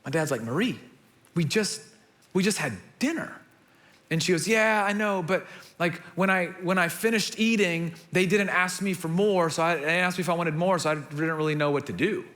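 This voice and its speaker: Man, preacher, sermon, high pitch, animated storytelling, restarts. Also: brisk.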